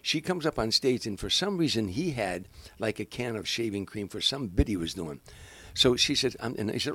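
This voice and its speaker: In a lowish voice, a little fast and with few pauses, an older guest comedian swaps show-business stories casually; there's no room sound. He's animated, impersonates the people in his tales, and keeps restarting.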